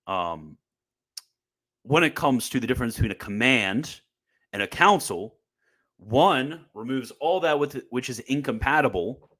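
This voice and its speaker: A man's voice: medium pitch, lively intonation, measured pace, a bit bright. A young man giving casual, combative commentary on church teaching, sarcastic and full of restarts. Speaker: Catholic commentator.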